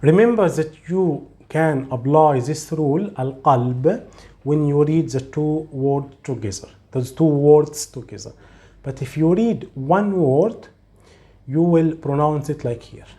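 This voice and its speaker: Male teacher, slow and patient, mellow tone, repeats sounds to demonstrate. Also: a little high. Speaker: Arabic teacher. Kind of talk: slow, step-by-step recitation lesson.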